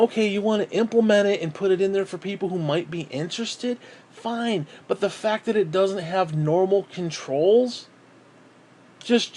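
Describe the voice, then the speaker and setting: Guy going off in a game review rant, swearing a lot, kinda high-ish voice. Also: darkish tone. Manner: angry, profane, sarcastic ranting. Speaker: gaming channel host.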